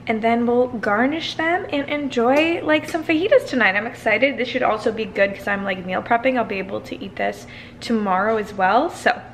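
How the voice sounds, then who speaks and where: A young Canadian woman with a fairly high voice chats at a normal pace in a day-in-the-life vlog filmed indoors at home. She's bubbly and laughs often.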